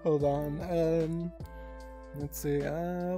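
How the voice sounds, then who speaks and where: A woman's voice: low voice, unhurried, over music. A woman streamer reading out chat messages in casual talk, giggling, flustered and swearing a lot, often stuttering.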